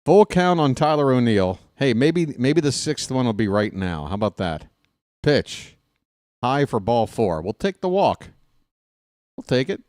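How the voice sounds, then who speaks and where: A man calling a game as a live fan play-by-play host in a casual, jokey way, jumping from shouted calls to mutters. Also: medium pitch, sing-song, unhurried, no room sound.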